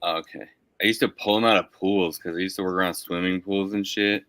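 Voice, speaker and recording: Deep-voiced blunt man in his thirties. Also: steady tone, a little fast, a bit bright, slight background noise. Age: 30s. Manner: blunt, swearing, drops slang. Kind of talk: casual crude banter.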